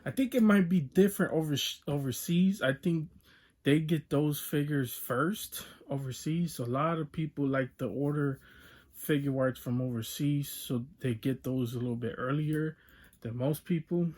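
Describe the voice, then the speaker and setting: A man from the United States hosting a casual toy unboxing vlog, rambling and relaxed, often saying "so there's that". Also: on the high side, normal speed. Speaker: toy unboxing channel host. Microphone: phone or webcam on desk.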